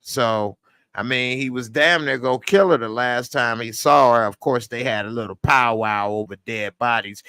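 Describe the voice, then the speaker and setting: A man casually reviewing a TV episode in a vlog, animated and laughing often. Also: mid-range voice, normal speed, clear, resonant tone, dry recording. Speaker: TV show reviewer.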